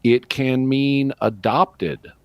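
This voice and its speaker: A man on a call-in radio show, explaining things in a measured, lecturing way and careful about exact terms. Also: medium pitch, steady tone, darkish tone, clear, resonant tone, no echo. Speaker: apologist guest answering callers.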